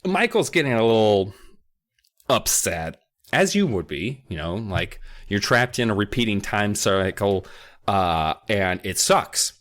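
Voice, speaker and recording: A man co-hosting a casual book podcast, recapping the plot in an animated way and jumping into funny voices for the characters. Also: on the low side, measured pace. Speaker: podcast co-host. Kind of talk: casual book discussion and reading.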